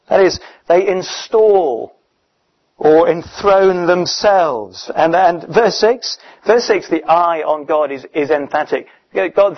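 A man preaching a sermon in a conversational, emphatic way, often pausing with fillers. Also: sits high. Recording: dull, muffled recording.

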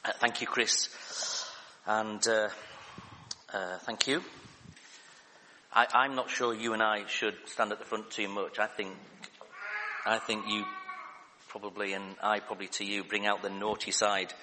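A man's voice: on the low side, little pitch movement, measured pace, long pauses, sharp tone, slight background noise. A man preaching a sermon, hesitant and self-deprecating, with many fillers and restarts. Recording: reverberant church hall.

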